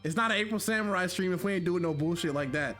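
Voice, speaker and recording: A man streaming a game live, talking to his chat in a jokey, excitable way and repeating himself when flustered. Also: sits high, fast talker, soft background music. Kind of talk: live gameplay commentary.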